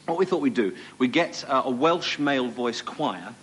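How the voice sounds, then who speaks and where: Flustered apologetic TV presenter, played by a man, hesitant, rambling, bright tone. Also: mid-range voice, expressive, normal speed, a little hiss or hum, lightly acted. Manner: hesitant, rambling, full of ums and restarts. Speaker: sketch presenter addressing a studio audience. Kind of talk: mock-apologetic comedy monologue.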